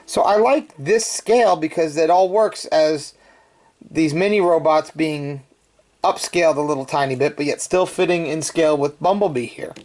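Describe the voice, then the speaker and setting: A man's voice: a little high, moderate pace, a little mellow. A man chatting casually through a toy review, with joking asides.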